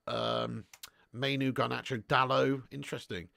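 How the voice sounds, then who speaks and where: A young man with a gravelly, creaky voice hosts a live football watch-along, chatting casually and answering viewers. He laughs often and swears freely. The sound is dry and close, with no room echo. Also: fairly low pitch, little pitch movement, brisk, bright, forceful tone. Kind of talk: live casual chat and match commentary.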